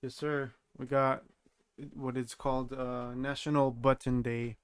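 Laid-back man, smooth dry voice. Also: mid-range voice, flat delivery, unhurried, no room sound. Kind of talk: casual banter.

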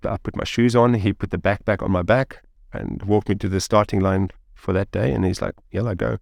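A man in his thirties recounts a story as an interview guest, filling his sentences with "like" and "you know". His voice sits low with a gravelly edge, and the sound is dry and close. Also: a little fast, dry recording. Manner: animated, rambling with many fillers like "like" and "you know".

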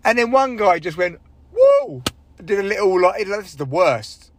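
A young man, a stand-up comic, rambles through a sweary, self-deprecating solo monologue. His voice sits a touch high for a man and sounds dry and close, with no room around it. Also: lively intonation, normal speed, fairly bright tone, dry recording. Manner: rambling, sweary, self-deprecating, with big vocal swings when acting out others. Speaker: stand-up comedian. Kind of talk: casual solo podcast monologue.

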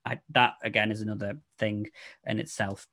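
A man co-hosting a horror film podcast, chatting casually with animated swings that sink low at the ends of his phrases. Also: normal speed. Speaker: podcast co-host. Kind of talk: casual film review chat.

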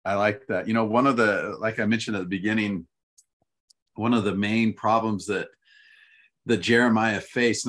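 Low-voiced man in relaxed lesson-planning chat. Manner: relaxed, rambling with fillers and restarts. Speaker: seminary teacher. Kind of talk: casual teaching-prep chat.

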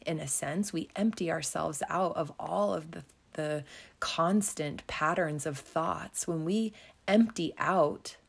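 Woman podcast host, slow calm self-help talk, gravelly lowish voice, goes whispery sometimes. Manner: slow, soothing and encouraging, dropping to a whisper at times.

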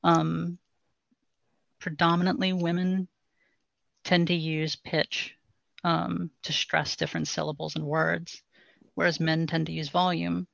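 A woman voice coach speaks in a measured, instructive way during a podcast interview. Her voice has a gravelly, fried texture. The recording is dry and a little dull. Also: low-pitched, no room sound. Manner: calm, instructive, measured explanations. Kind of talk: podcast interview, explaining voice training.

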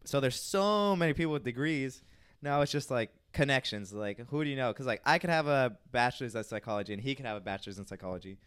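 Young guy hosting a chill podcast, bright voice, rambly with lots of likes. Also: mid-range voice, lively intonation, quick pace, clean tone. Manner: rambling, filler-heavy, acts out voices. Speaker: podcast host. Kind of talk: casual chat.

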